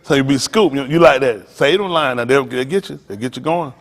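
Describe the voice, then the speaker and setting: A middle-aged man pastor, teasing and preaching to his congregation in a joking, animated way. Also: medium pitch, fairly quick. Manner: animated, teasing, talks straight to the crowd. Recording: long hall reverb.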